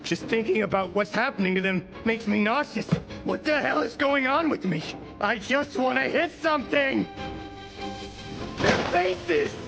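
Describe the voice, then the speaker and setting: A foul-mouthed young criminal, bitter and defiant, shouting out his anguish. His voice sits high and swings widely in pitch, with loud score music under it in this anime dub. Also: animated, unhurried, creaky, heavily acted. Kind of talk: English anime dub acting.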